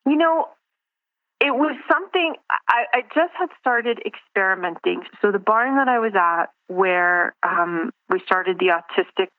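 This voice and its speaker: Over a tinny, dry phone line, a woman guest reflects in a casual interview, searching for words and restarting sentences. Her mid-range voice is expressive and measured in pace, with no room sound.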